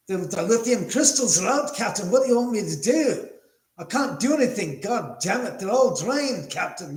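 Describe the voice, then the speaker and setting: A man's voice: sits high, roomy sound, voice pushed up, low-quality recording. A man voicing a harried Scottish male starship engineer in a put-on Scottish accent. He complains to his captain in an exasperated, profane way.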